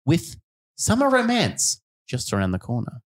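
A man's voice: on the high side, normal speed. A man co-hosting a podcast, trading playful jokes in casual banter. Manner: playful, teasing, deadpan jokes. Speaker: podcast co-host.

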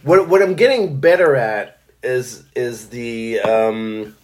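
A middle-aged man, an actor, in casual chat, talking in halting, self-deprecating bursts and laughing often. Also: medium pitch. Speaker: stage actor.

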